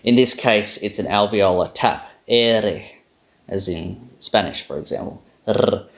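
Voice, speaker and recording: A man's voice: low voice, normal speed, gravelly. A man with an Australian accent giving a casual, self-deprecating explainer on pronunciation, stopping to say sounds aloud. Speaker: language video host.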